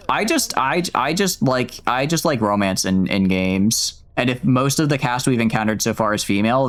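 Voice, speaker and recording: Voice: medium pitch, clear, resonant tone. Sarcastic, joking game streamer. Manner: joking, sarcastic, crude asides. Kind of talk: game commentary and reading dialogue aloud.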